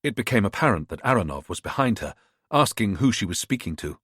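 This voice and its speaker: A man narrating a thriller audiobook in a measured, expressive reading. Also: on the low side, slightly rough, no echo, clean studio sound.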